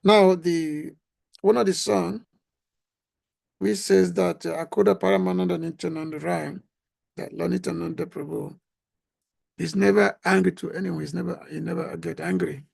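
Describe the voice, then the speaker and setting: A man giving a devotional talk who is losing his voice, speaking haltingly with frequent pauses and restarts. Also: high voice, fairly even intonation, vocal fry, a little mellow, breathy edge. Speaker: religious speaker.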